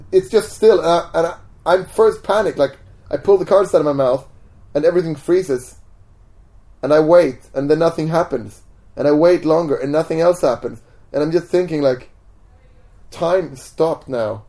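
Animated man telling a story. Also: on the high side, moderate pace. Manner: animated, acts out voices in his stories. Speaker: magician guest. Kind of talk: casual storytelling in interview. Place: home.

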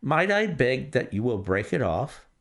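Man voicing a composed gentleman sleuth, dry and exact, gravelly low tone with lively rises. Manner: measured, dry and self-assured. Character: cool, precise gentleman detective, adult male.

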